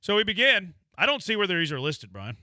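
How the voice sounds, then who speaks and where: A man's voice: high voice, very animated, fairly quick, sharp tone, no echo. A man hosting a sports radio show, joking and playful in casual banter with his co-hosts.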